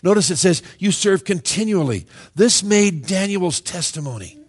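A middle-aged man preaching a sermon, animated and joking, now and then acting out the voices of Bible figures. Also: sits high, moderate pace, breathy edge. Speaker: pastor.

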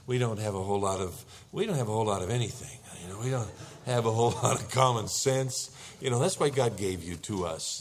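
A man's voice: lowish voice, slight background noise. A middle-aged man preaching a sermon as a pastor, telling the story with animation and acting out panicked husbands.

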